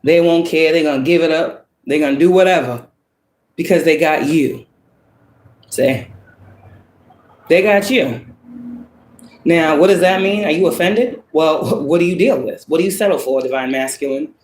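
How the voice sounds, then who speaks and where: A woman's voice: deep voice, normal speed, pauses often, darkish tone, a little hiss or hum. Woman doing a tarot reading, blunt and swears a lot, preachy, lots of questions at the viewer, roomy echo. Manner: asks the listener many rhetorical questions. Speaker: spiritual reader.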